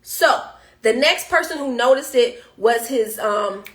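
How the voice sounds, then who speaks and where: A woman hosting a live stream, telling a story in an animated, playful way and talking straight to her viewers. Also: a little high, a little slow, slight background noise.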